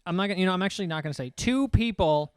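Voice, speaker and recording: A young man tells a rambling story in casual podcast chat, acting out what people said. His voice is smooth and a little high, and he is recorded dry and close. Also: racing, dry recording. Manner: animated, rambling, acts out quotes. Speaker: comedian and podcast host.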